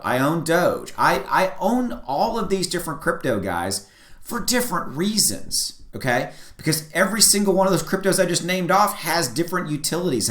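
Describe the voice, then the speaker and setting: A man's voice: a little high, a bit bright. Earnest man talking crypto, echoey room. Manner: earnest, repetitive, emphatic with restarts. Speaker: crypto video host. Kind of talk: casual direct-to-camera opinion talk.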